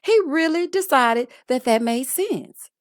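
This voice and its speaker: Late-30s woman doing a sassy reality tv recap, animated and scolding, dry close sound. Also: sits high, unhurried, no room sound. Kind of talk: casual recap commentary.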